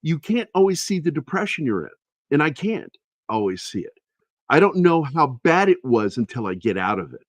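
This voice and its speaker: A man's voice: on the high side, big pitch swings, normal speed, dry recording. A man hosting a podcast, telling personal stories in a candid, rambling, foul-mouthed way. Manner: candid, rambling storyteller, swears freely. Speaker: podcast host. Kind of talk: casual chat.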